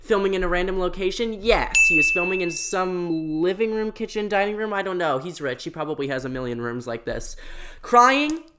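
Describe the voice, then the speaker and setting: A young adult YouTuber giving sarcastic, mocking commentary with quick asides. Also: medium pitch, expressive, background noise.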